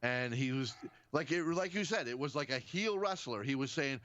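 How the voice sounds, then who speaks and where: A man co-hosting a casual podcast chat, talking in an animated, profane, rambling way full of restarts. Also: medium pitch, normal speed, no room sound, highs cut off. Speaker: podcast co-host.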